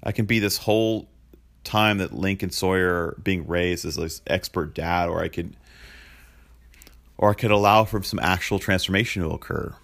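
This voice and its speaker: Male pastor, 30s, lower pitch; conversational, confessional sermon delivery. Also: moderate pace, gravelly, fairly bright tone. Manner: conversational and confessional, lots of fillers like "like" and "man".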